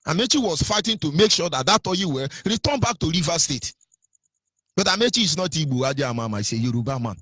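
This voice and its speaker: A man's voice: fairly high pitch, animated, quick pace, pushed and bright, breathy edge, no echo. A man with a Nigerian accent giving impassioned radio commentary, scolding his listeners with repeated rhetorical questions and stumbling over fillers.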